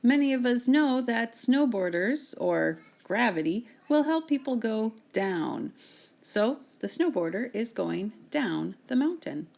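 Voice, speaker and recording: A woman teacher giving a recorded reading lesson, sounding out words slowly and clearly for her students. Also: fairly high pitch, lively intonation, a little mellow.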